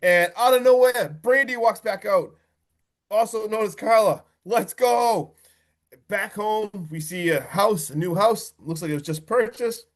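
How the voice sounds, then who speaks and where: A man hosting a podcast, excitedly recapping a horror film, swearing and acting out quotes. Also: high-pitched, a little slow. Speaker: podcast host.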